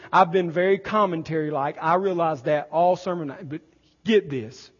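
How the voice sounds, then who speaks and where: High-voiced husky preacher in a reverberant hall. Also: male voice, normal speed. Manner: builds from quiet teaching to loud emphatic preaching. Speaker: pastor. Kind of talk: sermon. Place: church sanctuary. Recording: lo-fi recording in a reverberant church hall.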